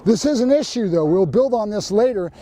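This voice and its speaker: Man, fairly high voice, mellow tone, dog trainer, plain instructive talk to viewers. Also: expressive, fairly quick.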